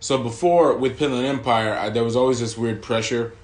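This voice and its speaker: A man's voice: mid-range voice, a little fast, a little mellow. A man co-hosting a podcast in casual chat, easygoing and reflective, often restarting his sentences. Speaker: podcast co-host. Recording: echoey room.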